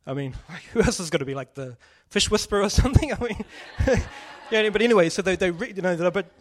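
A man's voice: high-pitched, animated, quick pace, a little hiss or hum. Chatty man preaching. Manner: chatty, jokey, asks the audience questions. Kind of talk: casual sermon.

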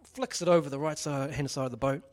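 A man's voice: a little high, quick pace. A man preaching a casual sermon, joking and putting questions to the congregation. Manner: chatty, jokey, asks the audience questions.

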